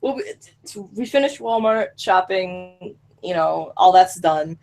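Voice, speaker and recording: A woman in her early twenties telling a funny story in casual chat, animated, laughing often and swearing freely. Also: fairly low pitch, measured pace, gravelly, faint music behind. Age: 20s.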